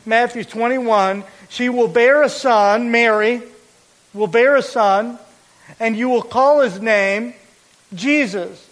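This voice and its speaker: A man preaching a sermon as pastor, explaining a verse with deliberate, emphatic repetition. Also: very high voice, rough recording.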